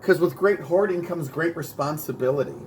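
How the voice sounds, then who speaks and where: A man running through a stand-up routine, hitting each joke with a punchy catchphrase. His voice sits a little higher than most men's. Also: fairly quick, darkish tone, a little hiss or hum, low-quality recording. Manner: punchy delivery, repeats a catchphrase; bilingual. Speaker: stand-up comedian. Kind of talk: rehearsing a stand-up bit.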